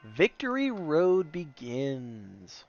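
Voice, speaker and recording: A man's voice: on the high side, wildly swooping pitch, very slow, darkish tone. A man casually joking his way through a video game as let's play host, in a slightly muffled recording with faint game music behind. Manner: joking, playful, chatty. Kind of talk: casual gameplay commentary.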